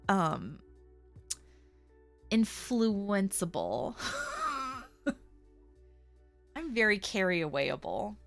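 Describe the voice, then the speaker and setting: Rambly lady streamer chatting to her viewers, bright tense voice, faint music behind. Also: mid-range voice. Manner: chatty, rambling, laughs often. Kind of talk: casual chat.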